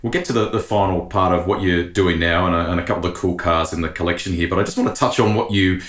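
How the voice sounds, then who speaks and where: A man's voice: low voice, fast talker, fairly bright tone, reverberant. A man hosting a podcast interview, giving short affirmations and asking long questions. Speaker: podcast host.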